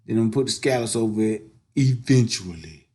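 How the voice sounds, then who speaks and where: This man, with a lowish, warm voice, chats animatedly and a bit fast as he cooks and eats for his mukbang vlog. He's slangy and relaxed, breaking into sing-song hype chants.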